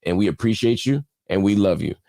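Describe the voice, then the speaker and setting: A man's voice: lowish voice, animated, a little fast, creaky, warm tone, dry recording. A man hosting his own show, giving an impassioned, emphatic commentary monologue that repeats phrases for effect. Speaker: show host. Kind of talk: live-stream commentary monologue.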